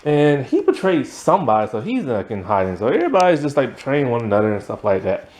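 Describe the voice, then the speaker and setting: A young man reviews a TV series in a loose, rambling way, sprinkling in ums, likes and quick chuckles. His middling pitch swings up and down a lot, keeping the casual spoken review lively and expressive.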